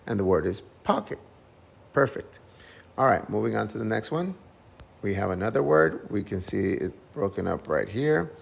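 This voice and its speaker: A man's voice: fairly low pitch, very animated, moderate pace, creaky, slightly rough. A man teaching English phonics, patiently sounding out each syllable and repeating whole words several times. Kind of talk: phonics lesson.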